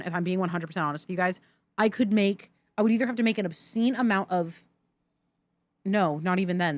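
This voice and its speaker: Young woman streamer chatting thru her game, giggly, voice jumps all over. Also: on the low side. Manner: chatty, giggly, thanks chat excitedly. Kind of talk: live gameplay commentary.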